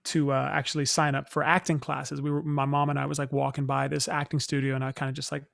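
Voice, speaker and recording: Soft-spoken young man with gravelly tone. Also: medium pitch, monotone, fast talker, no room sound, studio quality. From Northern California. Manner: soft-spoken, reflective, frequent fillers and restarts. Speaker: interview guest, stage actor. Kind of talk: casual interview storytelling.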